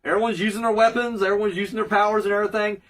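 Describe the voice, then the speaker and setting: A man's voice: high-pitched, little pitch movement, racing, fairly bright tone, low-quality recording. A man giving a rambling, profane, joking casual recap of a cartoon episode as a reviewer.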